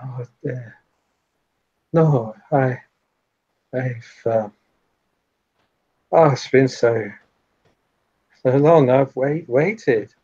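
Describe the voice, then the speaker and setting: A man voicing a strung-out young addict who murmurs and begs in halting bursts, on a slightly muffled recording. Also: medium pitch, dark tone, husky. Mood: dazed.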